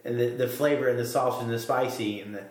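A man's voice: medium pitch, fairly even intonation, fast talker, a little mellow. Southern man co-hosting a podcast, easygoing drawl, roomy sound. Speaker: podcast co-host. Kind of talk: casual chat. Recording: roomy echo.

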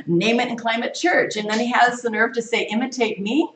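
A woman teaching a Bible study, reading scripture aloud with lively, emphatic stress. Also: fairly high pitch, normal speed, hardly any pauses, a little hiss or hum. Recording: echoey room.

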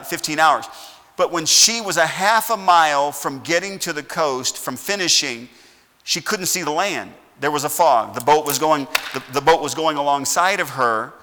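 A man's voice: on the high side, pushed and bright, long reverb tail. A middle-aged man preaching a sermon as pastor, folksy, often checking in with "all righty?". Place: church sanctuary.

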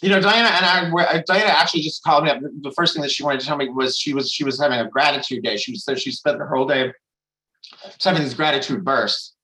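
A man with a fairly high, bright, forceful voice gives an open personal share at a support meeting. He rambles and restarts his sentences, swears freely and talks frankly about emotional things. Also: quick pace, rough recording. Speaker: member sharing at a recovery meeting.

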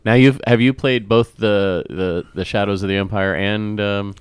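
A man co-hosting a podcast in casual chat, telling quick anecdotes with fillers. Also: on the low side, fairly even intonation, clean tone, no echo. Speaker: podcast co-host.

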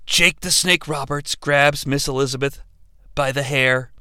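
Excitable male comedic podcast host: bright, smooth voice, swearing, loud bursts and quick asides. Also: mid-range voice, no room sound. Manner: excitable, swings between loud outbursts and fast asides, swears freely. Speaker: podcast host reviewing wrestling. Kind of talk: comedic recap narration.

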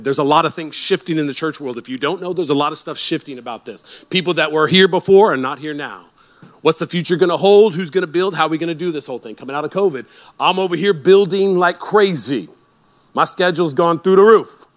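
A male pastor preaching a sermon in a conversational, animated way that builds to emphatic peaks. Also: fairly high pitch.

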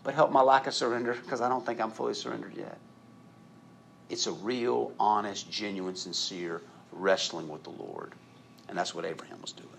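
A man preaching a sermon in an animated way, acting out quoted voices and rising to loud emphatic peaks. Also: fairly low pitch, normal speed, vocal fry, a little hiss or hum. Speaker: pastor.

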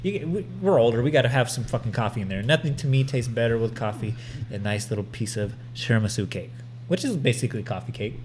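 A man co-hosting a casual podcast, telling stories in a brash, profane, animated way. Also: medium pitch, fast, slight background noise. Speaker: podcast co-host.

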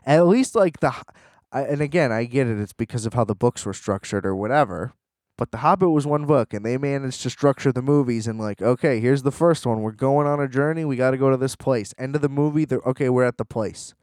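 A man's voice: medium pitch, a little fast, a little mellow, no room sound, studio quality. A young man in a rambling, sarcastic casual rant, full of fillers and restarts.

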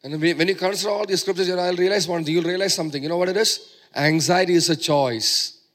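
A male preacher delivering a sermon in a somewhat high voice. He is emphatic and drives his points home by repeating phrases. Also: fast talker, a bit bright.

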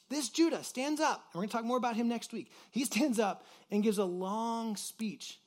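A man gives a loose, chatty sermon in a fairly high voice. He drops in lots of fillers and slips into voices for the people in the story. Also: moderate pace. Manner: casual and animated, acting out quoted voices; uses many fillers like "like". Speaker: pastor. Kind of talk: conversational sermon.

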